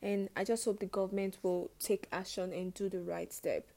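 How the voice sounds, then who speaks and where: Here the podcast host is a young woman with a gravelly, dark, mid-range voice that barely moves in pitch, speaking at a normal speed. In her personal monologue she comes across as earnest and emotional, repeating phrases for emphasis.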